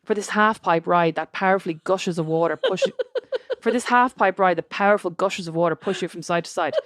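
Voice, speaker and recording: A woman's voice: fairly low pitch, fairly quick, a bit bright, no room sound, studio quality. An Irish woman co-hosting a podcast, reading listener messages aloud with wry, chatty asides. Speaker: podcast co-host.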